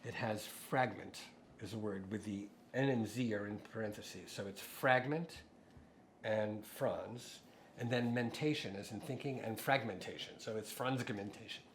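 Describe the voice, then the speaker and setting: A middle-aged man, a composer guest, telling stories in a relaxed interview, with frequent fillers and restarts. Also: on the low side, moderate pace, a little hiss or hum. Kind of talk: conversational interview.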